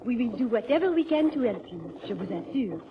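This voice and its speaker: An actress playing a gracious, decisive French circus equestrienne with a French accent, in a 1940s radio drama. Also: female voice, on the high side, very animated, a little fast. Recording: dull old radio recording with faint hiss.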